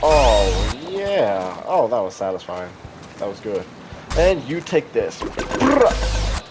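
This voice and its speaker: Animated sarcastic young man gaming. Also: lowish voice, slow pace, background noise. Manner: sarcastic, jokey, talks to game characters. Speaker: gaming YouTuber. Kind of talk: let's play commentary.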